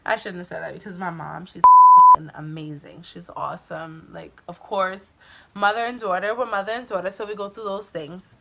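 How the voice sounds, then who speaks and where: A young vlogger shares a personal story in a fairly low, steady voice at normal speed, with vocal fry and a bright, forceful tone. Music runs underneath as she talks candidly, peppering it with "like" and the occasional swear word.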